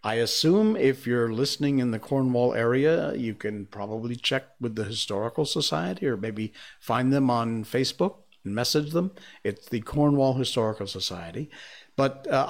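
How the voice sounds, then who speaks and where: Male host, from Connecticut, casual solo monologue, meandering and chatty. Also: medium pitch. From Connecticut, United States. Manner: chatty and rambling, with frequent ums and asides. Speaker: show host. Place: living in Malaysia.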